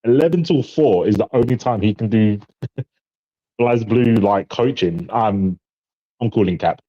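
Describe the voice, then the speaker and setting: A man's voice: on the low side, warm tone, dull audio. A man on a casual podcast, joking in a crude, scoffing way. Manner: crude, scoffing, quick jokes. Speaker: podcast guest.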